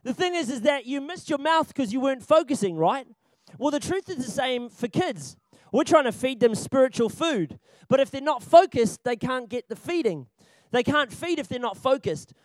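A young man with a strikingly high voice gives a church training talk on children's ministry. He is jokey and animated, laughs often and hammers his points home by repeating them. The recording is dry and close, with no room sound. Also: normal speed, no room sound. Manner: repeats key points for emphasis.

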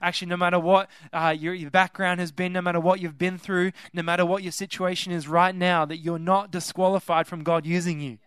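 A young man preaching at a youth conference, energetic and talkative, stumbling over his words with lots of restarts and fillers. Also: sits high, smooth, no echo. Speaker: guest preacher. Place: conference hall with live audience.

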